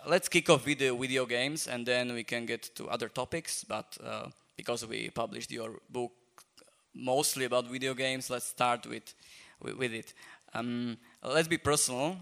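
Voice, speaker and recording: Hosting a talk at a festival venue, a journal editor stumbles through the introduction with lots of fillers. He speaks at medium pitch and normal speed, his tone steady and a bit bright, with some vocal fry.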